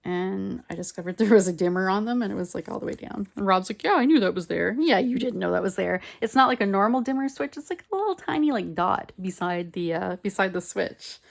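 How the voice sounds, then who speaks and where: A woman chatting casually while she makes a collage at home, rambling and muttering softly to herself as she works, recorded on a phone on a mount. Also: mid-range voice, expressive, brisk, gravelly, few pauses. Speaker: collage artist. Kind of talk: casual crafting chat. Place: home craft table, indoors.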